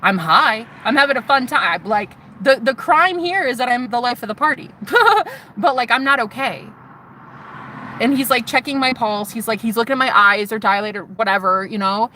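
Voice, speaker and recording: A young woman telling a personal story to her viewers in an animated, swearing way, acting out what others said. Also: on the high side, moderate pace, slight background noise, poor audio. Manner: animated, swearing, acts out quotes. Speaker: vlogger. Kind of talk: storytelling testimony.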